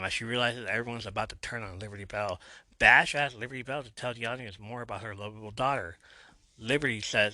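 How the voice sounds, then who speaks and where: Podcast guy recapping a tv episode, kinda low but bright, dry close sound. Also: steady tone, brisk, no room sound. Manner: storytelling, plays quotes lightly. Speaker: podcast host.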